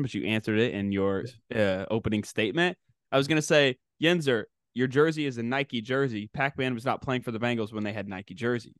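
A man co-hosting a casual sports podcast in an easygoing, joking manner. His pitch rises and falls freely as he talks. The recording is close and dry, with no room sound. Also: dry recording. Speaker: podcast co-host.

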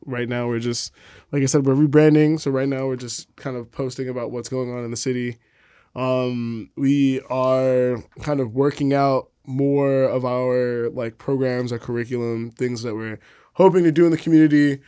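A man's voice: mid-range voice, moderate pace, clean tone, no room sound, studio quality. A man, a community organizer, speaking casually and a bit hesitantly with many fillers. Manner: relaxed, hesitant, full of fillers. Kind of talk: casual chat.

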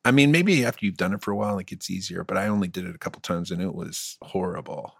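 A man's voice: deep voice, fast talker, vocal fry, breathy edge, dry recording, clean studio sound. A man co-hosting a podcast, rambling through stories in a casual, self-deprecating way. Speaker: podcast co-host, musician. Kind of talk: casual chat.

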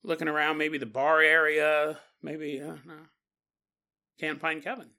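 High, bright-voiced male storyteller. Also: level tone, a little slow. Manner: conversational, many fillers. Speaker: podcast host. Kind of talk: casual storytelling.

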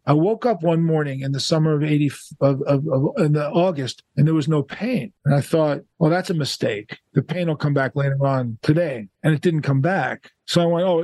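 An older man from the United States tells a long personal story as a podcast guest, bringing the quoted lines to life in a lively way. His voice sits fairly high for a man, and the recording is dry and close, with little room sound. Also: dry recording. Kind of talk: casual storytelling interview.

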